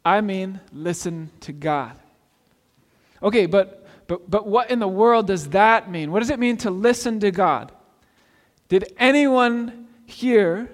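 A man preaching a sermon as pastor, talking conversationally and asking the congregation questions. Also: high-pitched. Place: church sanctuary. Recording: long reverb of a church hall.

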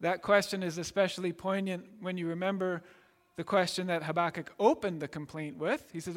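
A man's voice: high voice, steady tone, moderate pace, a bit bright. A man preaching a sermon earnestly, often checking in with "right?" and repeating words as he explains. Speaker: pastor. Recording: long reverb in a large hall.

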